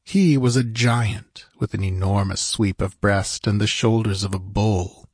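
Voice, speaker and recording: Low-voiced guy reading a fantasy audiobook, husky, steady. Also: a little slow, dry recording, studio quality. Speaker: audiobook narrator. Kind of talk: scripted narration.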